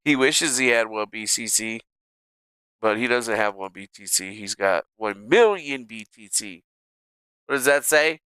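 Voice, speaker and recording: A man live streaming, talking casually to himself and his chat, swearing often, muttering, then bursting into loud exasperated outbursts. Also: fairly low pitch, lively intonation, a little slow, clean tone, no room sound.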